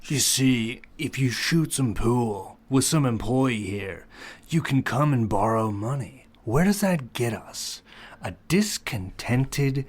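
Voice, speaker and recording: A man reading the part of a stern, scornful old rich man, slow and cold, in a comic dramatic reading. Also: medium pitch.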